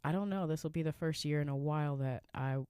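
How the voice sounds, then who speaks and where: A woman's voice: sits low, fast talker, warm tone, clear, resonant tone, no echo, clean studio sound. A young woman hosting her own podcast in a rambling, chatty way, with a groggy morning voice. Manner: rambling, chatty, laughs easily. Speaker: podcast host. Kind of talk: casual solo podcast chat. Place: van.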